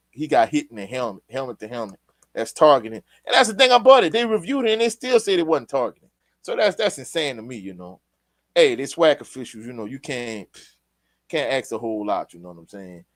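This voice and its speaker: A man's voice: medium pitch, no echo. Laid-back man, dry sound. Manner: laid-back, opinionated, talks straight to viewers. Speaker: sports show host reading live chat. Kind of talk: casual live-stream reaction talk.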